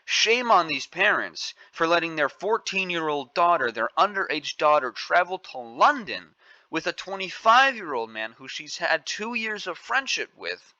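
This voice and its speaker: A man's voice: a little high, bright, forceful tone, no echo, lo-fi sound. A man hosting an angry opinion commentary, scolding and indignant, repeating his points. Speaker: commentary channel host.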